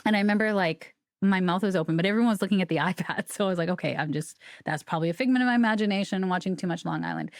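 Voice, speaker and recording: Middle-aged woman guest, low voice, dry close sound, chatty and animated storyteller. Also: very fast, hardly any pauses, dry recording. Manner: chatty, animated, acts out quoted dialogue, laughs often. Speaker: guest, psychic medium. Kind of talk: personal storytelling in a podcast interview.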